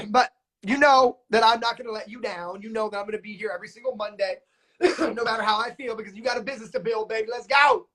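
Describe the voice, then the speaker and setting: A man hosting a live coaching stream, talking in an energetic, hyped-up way full of slang and fillers. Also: sits high, quick pace. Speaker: notary business coach and live-stream host. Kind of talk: live coaching stream, upbeat casual talk.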